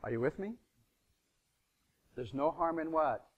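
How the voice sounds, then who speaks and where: A middle-aged man teaches a room of students, firing fill-in-the-blank questions at them and playing out sales calls. His voice sits a little high for a man. He keeps the pace of a lively live seminar. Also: measured pace, phone-quality sound. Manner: asks the audience fill-in questions, acts out phone calls. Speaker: real estate seminar speaker.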